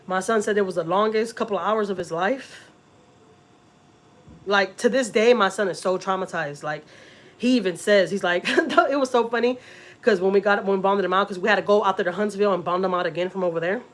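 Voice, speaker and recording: A middle-aged Texan woman who runs a family vlog tells her viewers a story in a casual, emotional way, repeating words as she goes. Her voice is medium-pitched and her pace is a little fast.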